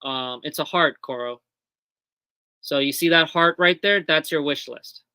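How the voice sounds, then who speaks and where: A woman's voice: sits low, unhurried, sharp tone, clear, resonant tone, no room sound. A woman hosting a casual live stream from a small shop, chatty and full of ums and self-corrections. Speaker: shop host on a livestream. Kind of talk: casual live product walkthrough.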